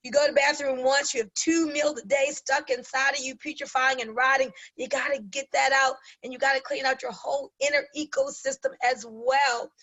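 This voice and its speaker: A woman hosting a webinar, giving an emphatic, persuasive sales pitch and addressing listeners as guys. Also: little pitch movement, fairly quick, hardly any pauses, fairly bright tone, rough recording. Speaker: webinar host.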